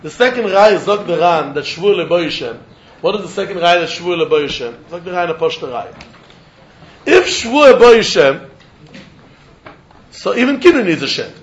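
A man's voice: high voice, very animated, normal speed, pauses often, muffled recording, slight background noise. A man teaching a Talmud class, in a singsong study chant. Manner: singsong study chant, mixing English with Hebrew, Aramaic and Yiddish terms. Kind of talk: yeshiva-style Talmud lecture.

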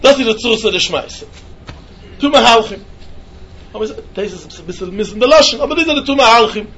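A man teaching a Talmud lesson in a yeshiva style, with an animated singsong delivery. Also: high-pitched, quick pace, a little hiss or hum. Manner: animated singsong, mixing Yiddish and Hebrew terms.

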